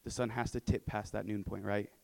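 A man's voice: fairly low pitch, little pitch movement, fairly quick, creaky, darkish tone, rough recording. A young man telling his supporters about his mission work in a casual, earnest way, with many fillers and tag questions. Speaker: returned mission volunteer. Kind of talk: personal testimony to supporters.

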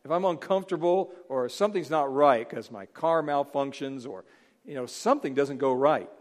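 A middle-aged man preaching a sermon, animated, acting out Bible figures in voices. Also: mid-range voice, normal speed. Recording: long hall reverb.

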